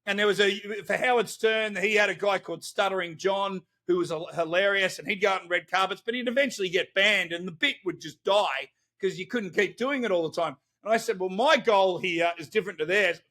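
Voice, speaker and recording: An Australian man tells stories with lots of energy and frequent laughs in a relaxed podcast conversation. His voice sits high and sounds bright. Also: a little fast, hardly any pauses. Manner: animated storytelling, laughs often. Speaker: guest, celebrity interviewer. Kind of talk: casual podcast chat.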